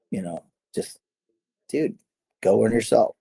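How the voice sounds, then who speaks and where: A man's voice: fairly low pitch, expressive, takes it slowly, gravelly, mellow, breathy edge. A middle-aged man, a former fighter, telling stories in a casual interview, rambling, correcting himself and laughing often. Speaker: guest, former MMA fighter.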